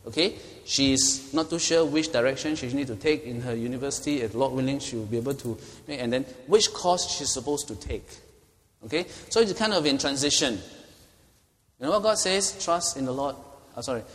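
A middle-aged pastor teaches a Bible study conversationally, often checking in with "okay?" His medium-pitched voice is brisk, and the recording carries a long hall reverb.

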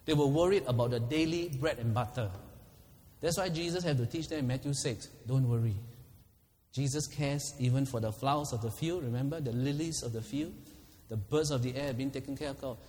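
A man's voice: mid-range voice, brisk, warm tone, big-room sound, a little hiss or hum. A man preaching a sermon, laughing often and acting out quoted prayers.

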